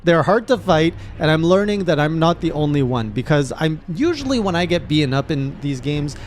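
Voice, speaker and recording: A man, a gaming streamer, recapping his playthrough in casual narration with animated, excited reactions. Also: on the high side, moderate pace, a little hiss or hum.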